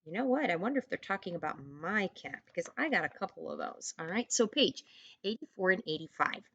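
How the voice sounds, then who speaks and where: A woman teaching an online first grade reading lesson, encouraging young children and sounding out words slowly. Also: fairly low pitch, very animated, a bit bright, slightly rough, no room sound, highs cut off.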